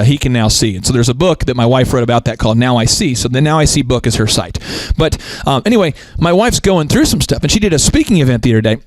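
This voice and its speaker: A middle-aged man hosting a business podcast, talking casually and rambling with quick restarts. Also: medium pitch, dry recording, poor audio. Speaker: podcast host.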